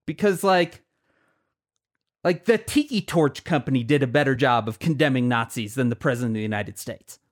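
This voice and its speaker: A man's voice: medium pitch, moderate pace. A man co-hosting a podcast, talking politics in a blunt, indignant and profane way. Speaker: podcast co-host. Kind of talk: casual political chat.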